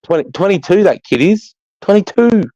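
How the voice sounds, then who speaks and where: A man's voice: high-pitched, expressive, moderate pace, warm tone, dry recording, dull audio. A man in his fifties with an Australian accent, rambling and swearing freely as he tells stories in a casual chat. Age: 50s. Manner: rambling, profane, blokey storytelling.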